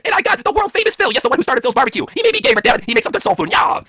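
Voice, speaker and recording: A man's voice: very animated, racing, no room sound, heavily acted. A man doing a shrieking bossy woman. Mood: cruel gloating. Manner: cruel, gloating, yelling in a falsetto. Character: bossy shrieking domineering wife of a wrestling boss. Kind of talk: improvised comedy skit.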